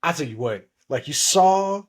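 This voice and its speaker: A man's voice: on the high side, lively intonation, normal speed, breathy edge. A man co-hosting a podcast, casually recapping a TV episode and acting out scenes with swearing and laughter. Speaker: podcast co-host.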